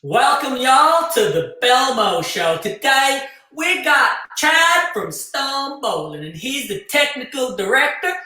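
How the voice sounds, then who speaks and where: A man's voice: very high voice, very animated, slow, few pauses, sharp tone, pitched above the performer's own voice, exaggerated voice. A man doing a hammy Southern American drawl. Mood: gushing. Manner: hammy, overdone folksy twang. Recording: echoey room.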